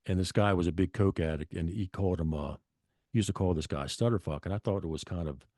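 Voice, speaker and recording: Low-voiced middle aged guy, swears a lot, rambles and restarts, dead dry mic. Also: fast talker, dark tone, no room sound. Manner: blunt, profane, rambling with restarts. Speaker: guest. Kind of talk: casual storytelling.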